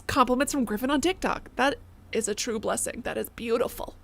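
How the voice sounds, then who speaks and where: A woman's voice: fairly high pitch, brisk, vocal fry, a bit bright. A young woman streaming a game, chatting casually, giggling, reading donations aloud and yelping when startled. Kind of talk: casual live gameplay commentary.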